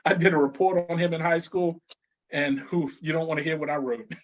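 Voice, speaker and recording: High-voiced New man telling stories. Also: fairly quick, dull audio. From New Orleans. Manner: animated storyteller, laughs often, many restarts. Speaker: guest. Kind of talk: casual conversation.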